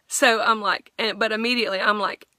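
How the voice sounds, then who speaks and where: A woman's voice: medium pitch, pushed and bright, no room sound. A middle-aged woman earnestly sharing a personal faith testimony, rambling with frequent restarts.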